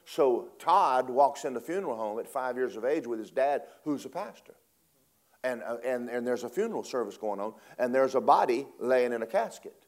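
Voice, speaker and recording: Man, preacher, storytelling sermon, animated, does the voices, mid-pitched. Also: normal speed. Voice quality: animated, acts out quoted voices, laughs often.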